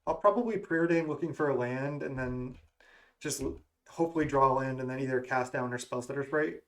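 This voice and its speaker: Gaming creator, male, mid pitch, casual running commentary on his own play. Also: fairly quick. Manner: musing, self-questioning strategy talk. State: has the hiccups. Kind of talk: thinking aloud during card game play.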